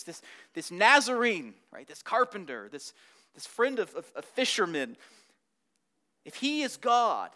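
A man preaching a sermon, earnest and meditative, repeating key words, building up and then dropping to a hush. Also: on the high side. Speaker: pastor.

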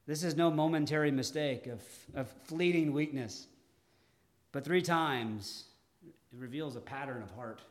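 Man, pastor, sermon, raised voice pitch, deliberate pauses, hushed then emphatic. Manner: dramatic, with deliberate pauses and swings from loud to hushed.

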